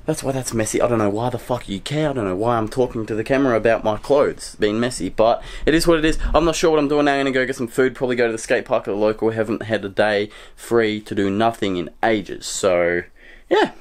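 A man's voice: mid-range voice, quick pace, slight background noise. A young man with an Australian accent, talking casually to his camera at home and at a skate park, swearing freely and rambling. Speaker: vlogger and scooter rider. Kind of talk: casual vlog talk.

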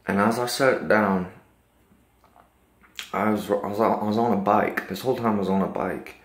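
A man with a fairly low voice recounts a dream in an earnest, rambling way, circling back with likes and restarts. The sound is roomy, with echo off the walls. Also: moderate pace. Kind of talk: casual personal storytelling.

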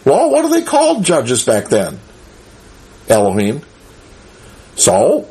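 Husky-voiced man teaching the Bible. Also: mid-range voice, huge pitch swings, slow, long pauses, dark tone. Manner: chuckles often, asks the listeners rhetorical questions.

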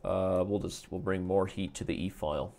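A man's voice: sits low, fairly even intonation, normal speed, gravelly, mellow. A man hosting a live chess stream, commentating his games with playful, joking banter.

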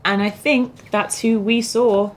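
A woman playing a tabletop game, chatty and quick to laugh. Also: a little high, fairly even intonation. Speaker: player. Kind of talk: casual tabletop play.

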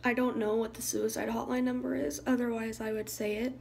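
A young woman talking to her viewers in a soft, halting way, sometimes dropping into a hushed, whispery voice. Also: fairly high pitch, flat delivery, gravelly, a little hiss or hum, rough recording. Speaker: YouTuber. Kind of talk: emotional vlog talk to viewers.

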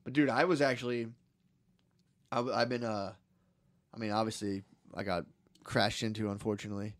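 A man's voice: on the low side, steady tone, moderate pace, no room sound. A young man co-hosting a podcast, telling stories in rambling casual chat, swearing often and slipping into voices for the people in them. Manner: rambling storyteller, swears a lot, acts out voices in a story. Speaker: podcast co-host.

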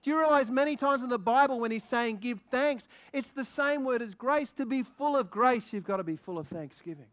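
A man preaching a sermon as a guest minister, excitable and lively, asking the congregation many questions. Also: extremely high pitch. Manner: excitable, quickens when stirred.

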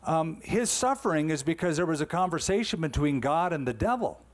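A man's voice: fairly high pitch, animated, brisk. A man in his sixties, a pastor delivering a conversational, emphatic sermon full of rhetorical questions.

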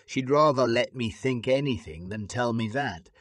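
A man's voice: medium pitch, normal speed, fairly bright tone, no echo, studio quality, close to an everyday voice. A man reading an audiobook, voicing a bitter, furious middle-aged woman nurse who accuses and scolds. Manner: accusing, scornful, raising her voice.

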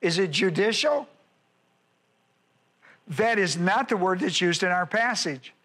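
A male pastor teaching a Bible study, repeating key phrases and slowing down to stress words. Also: sits high, expressive, bright, forceful tone.

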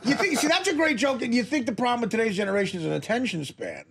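A man's voice: very high-pitched, big pitch swings, fast talker, gravelly, fairly bright tone. A man hosting a radio talk show, teasing his guests and laughing often. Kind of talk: casual studio chat.

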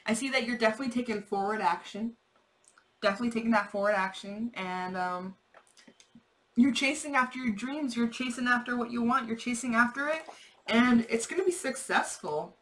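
A woman's voice: a little high, fairly quick, a bit bright, low-quality recording. A young woman giving a casual, rambling tarot reading, repeating herself, swearing and laughing. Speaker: tarot reader.

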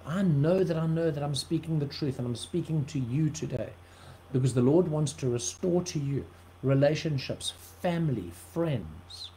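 Man, preacher from South Africa, earnest livestream sermon, slightly high voice, repeats words. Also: animated, normal speed, mellow, a little hiss or hum, rough recording.

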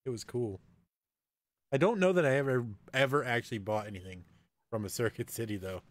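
A man's voice: mid-range voice, a little fast, no room sound. A man co-hosting a casual live chat, laid-back and wry.

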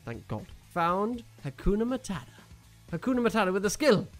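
Faint music sits behind a young man with a high, sing-song voice who talks a little fast. He's a gaming YouTuber casually commentating live on his own football game, joking, groaning and cheering play by play.

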